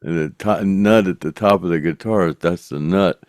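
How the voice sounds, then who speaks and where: An older man hosting a show, telling a road story casually in a halting way, full of fillers. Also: sits low, a little mellow, dry recording, clean studio sound. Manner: halting, full of "uh" and "you know". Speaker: show host and former rock roadie.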